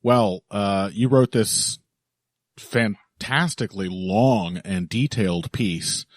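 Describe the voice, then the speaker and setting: A man's voice: lowish voice, animated, slow pace, no echo, studio quality. A man hosting a podcast in casual chat, joking and laughing often. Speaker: podcast host.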